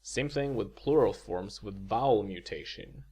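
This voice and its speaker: A man giving a video lecture as a language teacher, explaining slowly and measuredly, with spoken example words. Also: on the low side, warm tone, slightly rough.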